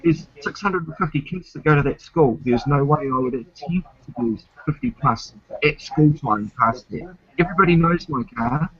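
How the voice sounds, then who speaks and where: A man's voice: fairly high pitch, normal speed, few pauses, muffled recording. A man chatting casually on his stream, indignant and swearing freely. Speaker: streamer host. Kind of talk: casual chat.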